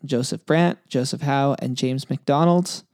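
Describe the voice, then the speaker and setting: Guy reading out quiz options, steady and relaxed, mid voice, dry close sound. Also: mid-range voice, a little slow, dry recording. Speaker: quiz reader, co-host. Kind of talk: casual chat, reading quiz questions.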